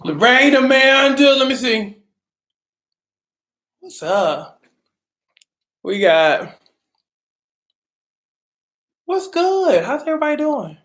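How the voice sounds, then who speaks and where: A woman hosting a casual live stream, upbeat and greeting her viewers by name, sometimes calling out loudly. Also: high voice, very animated, slow pace, long pauses. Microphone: camera mic. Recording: roomy echo.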